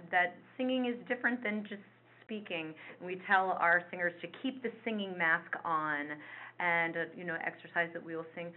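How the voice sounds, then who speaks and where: Woman, choir director, explanatory webinar talk, somewhat low voice, tinny phone-line sound. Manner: explanatory, with frequent fillers. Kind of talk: webinar presentation. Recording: phone-like narrow band.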